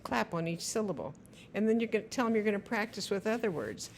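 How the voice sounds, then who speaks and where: A woman giving instructional narration for parents. She talks in a slow, careful way and spells out the sounds of words. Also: medium pitch, lively intonation, creaky, a little hiss or hum. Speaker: teacher.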